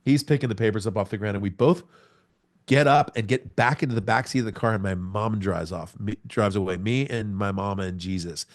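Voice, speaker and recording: A man in his forties, a podcast guest, telling a personal testimony in a lively storytelling way with sound words. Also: fairly low pitch, brisk. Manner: animated storyteller, acts out scenes with sound words.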